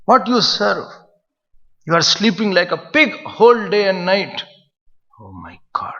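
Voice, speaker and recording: A man's voice: a little high, big pitch swings, measured pace, vocal fry, bright, forceful tone, heavily acted. A man doing a stern scolding guru. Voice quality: harsh, berating. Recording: muffled recording in a reverberant hall.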